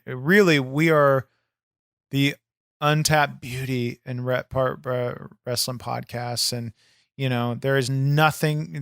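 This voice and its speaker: Man, podcast host, smooth clear voice, dry close mic, brash, swears. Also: medium pitch, no room sound. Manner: brash, swears freely, hard-selling promo tone. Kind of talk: comedic podcast banter.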